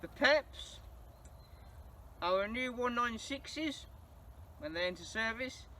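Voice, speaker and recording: A young man, speaking in a very high, bright voice. He chats enthusiastically and laughs often. The mic sits some distance away, with a faint hum of noise behind him. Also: expressive, takes it slowly. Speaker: channel host answering viewer questions. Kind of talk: casual Q&A monologue.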